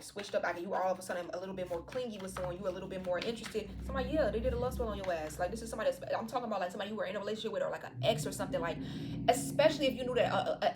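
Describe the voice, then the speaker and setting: Fast-talking woman giving a tarot reading. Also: mid-range voice, noisy background. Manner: slangy, profane, playful. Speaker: tarot card reader. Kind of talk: casual tarot reading to viewers.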